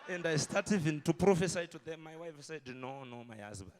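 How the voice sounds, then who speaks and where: Animated man preaching. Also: a little high, brisk, few pauses. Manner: animated storytelling with shouted peaks. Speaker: pastor. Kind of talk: sermon.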